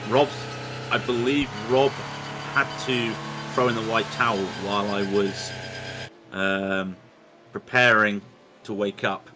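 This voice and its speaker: A low-pitched man calls a sim race from his home computer. He rambles, restarts his sentences and apologizes along the way, and steady noise sits under his voice on the stream. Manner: rambling, self-interrupting, apologetic. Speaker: sim racing commentator. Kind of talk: live race commentary and chat. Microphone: home computer mic over unstable internet. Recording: noisy stream with connection dropouts.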